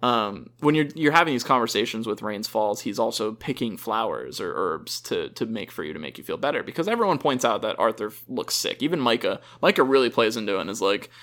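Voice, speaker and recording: A man's voice: fairly low pitch, sing-song, fairly quick, few pauses, fairly bright tone. A young man co-hosting a casual gaming chat, rambling, correcting himself mid-sentence and laughing often. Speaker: podcast co-host.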